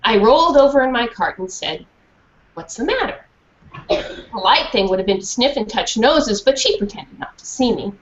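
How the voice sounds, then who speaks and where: Animated woman reading a storybook aloud. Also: fairly high pitch, fairly quick. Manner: animated, asks the class questions. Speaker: children's author reading to a class. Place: school classroom. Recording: dull lo-fi recording.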